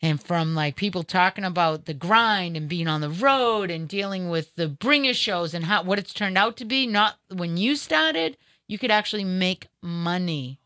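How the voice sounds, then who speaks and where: A woman radio host with a Boston accent, speaking in a low-pitched but bright, forceful voice. She talks effusively and often trips over repeated words, and the sound is dry and close with no room echo. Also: lively intonation, moderate pace. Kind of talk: casual chat.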